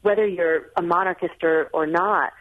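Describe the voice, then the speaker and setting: A woman's voice: on the low side, steady tone, moderate pace. An American woman in her forties chats as a radio guest author, restarting her sentences as she goes. She comes through a tinny, phone-like line. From United States. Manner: chatty, frequent restarts. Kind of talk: radio call-in conversation.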